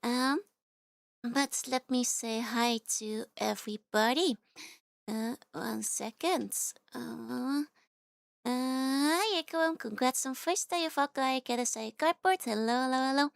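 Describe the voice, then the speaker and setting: A young woman chats casually on a live stream, bubbly and quick to giggle, running through long strings of hellos to her viewers. Her voice sits a little high and sounds smooth and clear. It is recorded close on a mic, dry with no room sound. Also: no echo.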